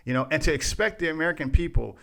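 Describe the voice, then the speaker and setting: High-voiced man ranting on a podcast. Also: expressive, fast, creaky, a bit bright. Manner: ranting, repetitive restarts, addresses listeners. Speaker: podcast co-host. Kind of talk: casual political podcast chat.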